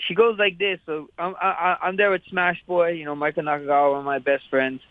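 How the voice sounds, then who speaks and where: A Hawaiian fighter, speaking as a guest in a casual interview, rambles easily and leans on "you know." Heard through a tinny phone-like line without echo, his slightly high voice is brisk with fairly even intonation.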